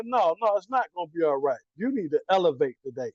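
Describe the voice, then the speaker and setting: A man coaching his listeners in a preachy motivational pep talk, talking straight at them in casual slang and answering his own questions. His voice sits high. The recording is dry and a little muffled. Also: sing-song, fast talker, a little mellow, dry recording.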